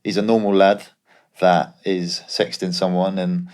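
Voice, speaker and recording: A man's voice: low voice, flat delivery, a little slow, darkish tone. A young man, a former footballer, co-hosting a podcast and telling stories in a laid-back way. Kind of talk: casual podcast chat.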